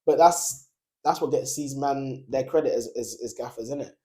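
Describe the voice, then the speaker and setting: A young man hosting a casual football podcast, animated and laughing often as he talks. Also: medium pitch, normal speed. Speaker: podcast host.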